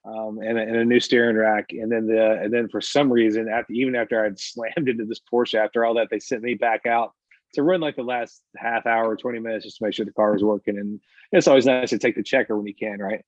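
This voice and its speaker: A man on a podcast telling a casual story, animated and quick to act out what other people said. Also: on the low side, no room sound. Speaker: podcast co-host. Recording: dull lo-fi podcast audio.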